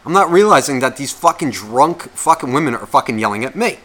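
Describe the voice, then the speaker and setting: A man co-hosting a podcast, telling stories in casual, profane, animated chat. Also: mid-range voice, brisk. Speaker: podcast co-host.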